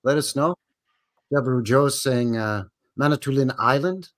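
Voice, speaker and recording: A Canadian man in easygoing live-stream chat, joking with his co-host and dropping "eh" at the end of lines. His voice sits at a middle pitch, loose and talkative. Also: normal speed. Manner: joking, chatty, drops in "eh" often.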